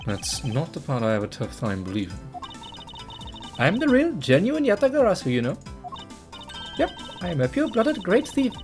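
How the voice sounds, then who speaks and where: A man's voice: huge pitch swings, moderate pace, long pauses, exaggerated voice. Kay Faraday, a man doing a cheeky young thief girl. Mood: boastful. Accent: put-on country bumpkin. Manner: teasing, giggly, high and sing-song. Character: cheeky young woman thief, playful and boastful. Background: game music.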